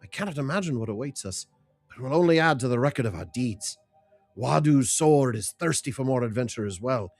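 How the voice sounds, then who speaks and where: A man's voice: mid-range voice, lively intonation, fairly quick, dry recording, soft background music. A man reading a blunt, loyal warrior's quest lines in a formal, solemn way.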